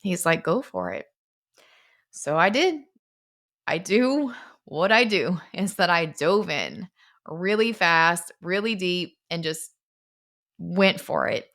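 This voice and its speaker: A young woman, founder of a fitness company, telling her personal story in an earnest, confessional way, slowing down on emotional points. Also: on the low side, animated, fairly bright tone.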